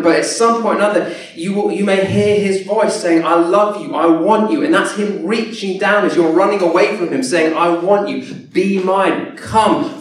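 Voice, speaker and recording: A man preaching a sermon, telling a personal story in an earnest way that often circles back and restarts. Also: high voice. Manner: earnest, repetitive, many restarts. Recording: echoey hall from far off.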